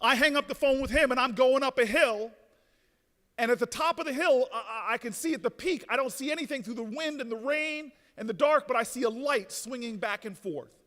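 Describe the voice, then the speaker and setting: A man telling a story in a rousing convention speech, often restarting with repeated words and building to shouted peaks. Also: extremely high pitch, brisk. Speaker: speaker at a convention. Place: large hotel ballroom. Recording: reverberant ballroom.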